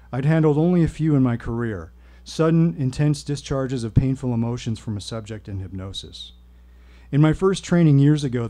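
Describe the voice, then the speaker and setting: Wry man telling a story onstage. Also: medium pitch. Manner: wry, deadpan humor. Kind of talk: personal storytelling at a live reading. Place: stage at a live show.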